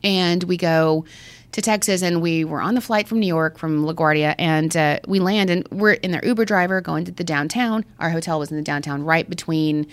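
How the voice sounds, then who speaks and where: A woman podcast co-host, chatting casually and telling a story with animated quotes, recorded outdoors on a boardwalk. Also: on the low side, normal speed, no echo. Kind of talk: casual chat.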